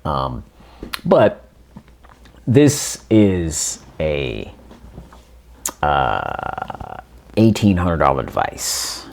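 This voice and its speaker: A man's voice: rumbling low, huge pitch swings, very slow, gravelly, long pauses. A man giving a casual unboxing walkthrough, reading on-screen prompts aloud and talking to viewers as ladies and gents. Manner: reads on-screen prompts aloud, thinking out loud. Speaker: tech reviewer.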